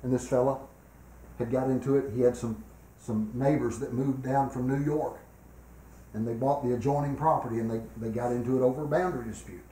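An older man preaching a revival sermon in a church, swinging between loud, emphatic exhortation and quiet personal storytelling. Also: medium pitch, fairly even intonation, fairly quick, a little hiss or hum. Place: church sanctuary. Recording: echoey church room.

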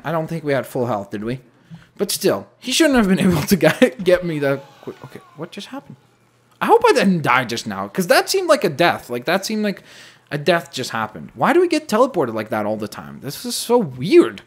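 A young man giving casual running commentary over a shooter game, animated and quick to exclaim when things go wrong. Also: fairly high pitch, husky. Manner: animated, exclaims at setbacks, jokey asides. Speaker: gameplay commentator. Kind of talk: gameplay commentary.

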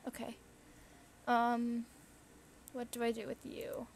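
Young woman gamer, slow chatty commentary, higher voice with some fry. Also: completely flat delivery. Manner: chatty, thinks aloud, gasps and squeals at the game. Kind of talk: casual let's play commentary.

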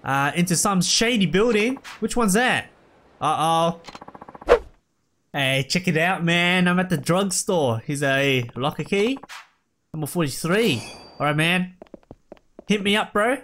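High-voiced excitable young gamer guy. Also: unhurried, long pauses, a little hiss or hum. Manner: excitable, slangy, calls out at the game. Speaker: let's play gamer. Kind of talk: casual gameplay commentary. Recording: loud game music underneath. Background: game music.

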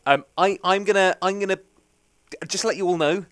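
A man's voice: high-pitched, moderate pace, fairly bright tone, no echo. A young man, rambling and joking through casual let's play commentary. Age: young adult. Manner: rambling, chatty, jokey. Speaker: gaming commentator.

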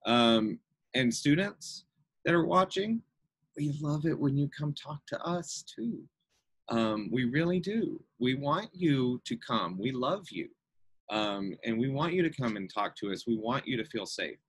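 A man's voice: medium pitch, big pitch swings, measured pace, fairly bright tone, slightly rough. A man who directs a school theatre program, giving an earnest, encouraging conference talk with many fillers. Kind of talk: conference presentation.

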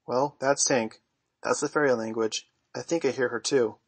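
A man's voice: mid-range voice, fairly even intonation, normal speed, no echo, close to an everyday voice. A man doing a cocky, merry storybook boy. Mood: offhand. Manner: boastful, offhand and good-natured. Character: cocky, merry boy who never grew up.

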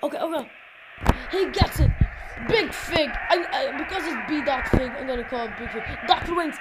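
A high, bright-voiced woman calls a football video game in a rush of shouted play-by-play, barking orders at her players. The home recording carries a clear hiss of noise behind her. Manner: shouty, rapid play-by-play, frequently yelling at players. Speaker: gameplay commentator. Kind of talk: excited football game commentary.

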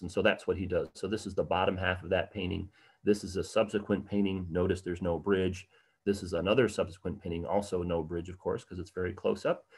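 A deep-voiced man hosts an art history livestream slideshow lecture, talking conversationally with frequent ums and uhs while fielding questions from chat. His intonation is fairly even, his pace fairly quick, and his tone darkish with a breathy edge.

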